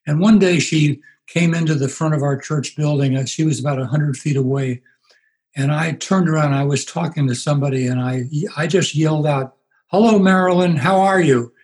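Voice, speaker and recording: A man in his eighties, a pastor being interviewed, telling stories in an unhurried way and acting out the voices he quotes. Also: on the high side, fairly even intonation, darkish tone, poor audio. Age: 80s. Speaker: pastor and guest. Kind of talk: reflective storytelling interview.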